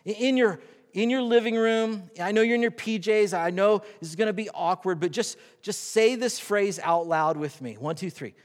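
A man preaching a sermon as pastor, animated and reading scripture aloud with dramatic pauses. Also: high-pitched. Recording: long hall reverb.

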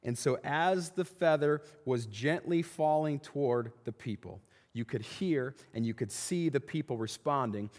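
A man's voice: mid-range voice, a little slow, darkish tone. Preaching man in a reverberant hall. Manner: repeats words, asks rhetorical questions. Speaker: pastor. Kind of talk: sermon. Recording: long reverb of a large hall.

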